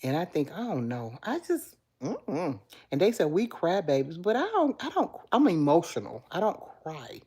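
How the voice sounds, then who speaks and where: Chatty woman with a low, mellow voice. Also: sing-song, normal speed, slightly rough. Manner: chatty, affectionate, answers viewer comments. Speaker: livestream host. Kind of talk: casual live chat with viewers.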